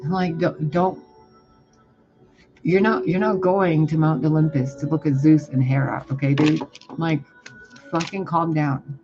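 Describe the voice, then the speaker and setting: A man's voice: fairly high pitch, fairly even intonation, measured pace, long pauses. A man giving a casual tarot reading, blunt, profane and exasperated. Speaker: tarot reader. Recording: muffled, with music behind. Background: music.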